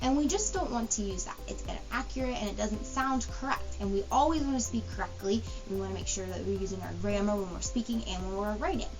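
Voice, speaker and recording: A woman teaching a grammar lesson to young students, patient and explanatory, slowing down to spell out example sentences. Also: mid-range voice. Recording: dull lo-fi recording with faint music.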